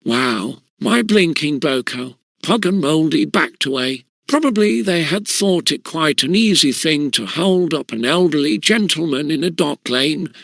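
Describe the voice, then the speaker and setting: A man narrating an audiobook in measured, steady storytelling. His voice is bright and slightly high, with a gravelly fry at phrase ends, close and dry. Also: no room sound. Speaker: audiobook reader.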